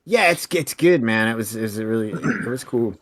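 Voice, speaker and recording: A man's voice: mid-range voice, animated, normal speed, heavy background noise. A man co-hosting a casual podcast, rambling with many restarts and frequent laughs. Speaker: podcast co-host. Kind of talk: casual chat.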